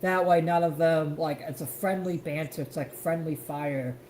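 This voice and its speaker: A man's voice: on the high side, fairly even intonation, normal speed, a little mellow, reverberant, a little hiss or hum, rough recording. A man co-hosting a live stream, reacting to a clip in an emphatic, profane rant. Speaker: stream co-host.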